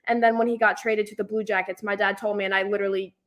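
A young woman co-hosting a casual podcast chat, telling animated stories and acting out what people said. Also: mid-range voice, quick pace. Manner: animated storyteller acting out quotes. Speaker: podcast co-host.

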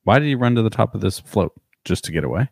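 A man's voice: lowish voice, animated, quick pace, gravelly, darkish tone, breathy edge, dry recording. A man co-hosting a podcast, loosely recapping a cartoon episode and swearing freely as he goes. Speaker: podcast co-host.

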